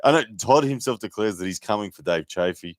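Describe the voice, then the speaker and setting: Low voiced guy hosting a live match stream, chatty, dry sound. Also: expressive, fairly quick, dry recording. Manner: chatty, reads comments aloud, filler-heavy. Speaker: host and commentator. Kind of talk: live sports commentary chat.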